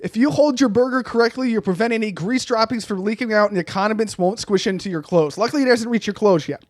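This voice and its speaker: A man's voice: sits high, fast, no echo, clean studio sound. A young man co-hosting a casual comedy podcast, reading instructions aloud in a mock-serious way and laughing often. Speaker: podcast co-host.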